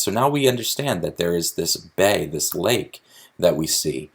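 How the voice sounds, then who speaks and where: A man's voice: low-pitched, animated, a little slow, fairly bright tone, slightly rough. A man teaching a recorded lesson on poetry, explaining step by step and often restarting his sentences. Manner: explanatory, with frequent restarts and fillers.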